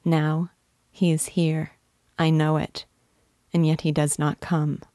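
A woman's voice: low voice, level tone, slow pace, warm tone, no room sound, studio quality. A woman reading as a heartbroken young woman. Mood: anguished.

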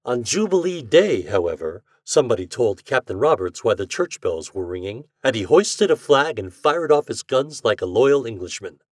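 A man reading a story aloud as a podcast narrator, with an expressive reading style. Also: mid-range voice, moderate pace, few pauses, dry recording, clean studio sound. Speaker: podcast reader.

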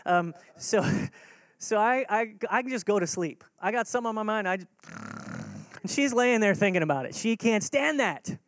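A man's voice: high-pitched, lively intonation, moderate pace, fairly bright tone, no echo. A man preaching a sermon as pastor, earnest and conversational, repeating key words for emphasis.

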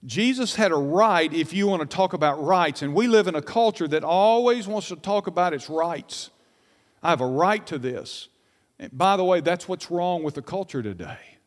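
In a reverberant church hall, a middle-aged male pastor preaches a sermon. He climbs to emphatic peaks, sinks to hushed lows, and poses rhetorical questions to the congregation.

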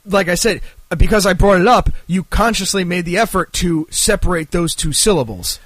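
A man from New Jersey in casual podcast chat, pitched a touch high and working through his points in halting stops and restarts. The sound is dry and close. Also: fairly bright tone, no room sound. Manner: hesitant, halting with ums and restarts. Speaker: podcast co-host.

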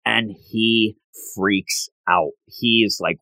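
A man's voice: fairly low pitch, steady tone, unhurried, hardly any pauses, pushed and bright, no echo. A man in casual chat, animatedly retelling a story and jumping his voice up when quoting characters.

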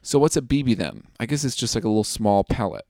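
A man's voice: mid-range voice, expressive, fast talker, mellow, dry recording, studio quality. A young man co-hosting a podcast, rambling through a jokey, profane recap in casual chat. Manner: rambling, jokey, swears freely. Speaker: podcast co-host.

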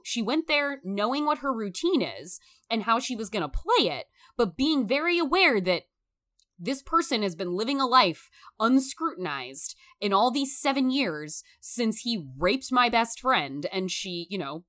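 A woman talking through a film in a casual, emphatic discussion, animated and swearing freely. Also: medium pitch, moderate pace.

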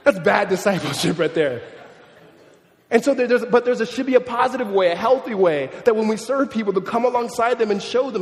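Man, around thirty, pastor, lively conversational sermon, slightly high voice, reverberant church hall. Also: a little fast. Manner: conversational, animated, with humorous family stories.

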